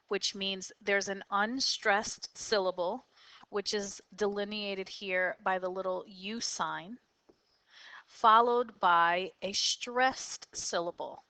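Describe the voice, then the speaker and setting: A woman gives a poetry lesson in a patient, explanatory manner, pausing with small fillers. Her voice is smooth and clear, and she talks at a slow, careful pace. The recording is dry and close, with no room sound. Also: medium pitch, pushed and bright, no room sound, rough recording. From United States. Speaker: teacher. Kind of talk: classroom lecture on poetry.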